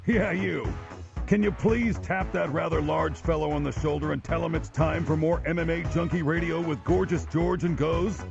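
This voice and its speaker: A man doing a high, gravelly sarcastic show announcer. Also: steady tone, moderate pace. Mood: mocking. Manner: rude, sarcastic show intro. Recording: lo-fi bumper over loud music.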